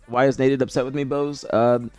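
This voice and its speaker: A man's voice: mid-range voice, little pitch movement, normal speed, a little mellow, clean tone, dry recording. A man streaming live, chatting casually and reading viewer messages, rambling and repeating himself as he answers chat. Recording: dry close mic with faint music behind.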